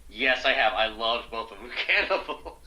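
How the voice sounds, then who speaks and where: A man's voice: medium pitch, lively intonation, moderate pace, sharp tone, low-quality recording. A man co-hosting a podcast in casual chat, enthusiastic, swearing freely and filling his speech with "like". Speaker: podcast co-host.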